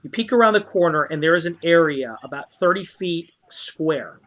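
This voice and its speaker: Brief: male dungeon master, a bit higher voice, halting narration full of ums and uhs. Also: animated, fairly bright tone. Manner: loose, halting narration with many fillers. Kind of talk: narrating a tabletop game.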